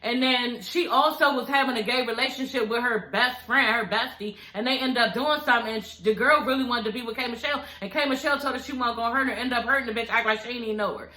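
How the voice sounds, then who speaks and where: A young woman vlogger recaps a reality show in a high, bright voice, gossiping and cursing casually as she talks to her viewers. Her voice bounces around a roomy, echoey space. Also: fast talker, few pauses. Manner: gossipy, animated, swears freely, addresses viewers as y'all.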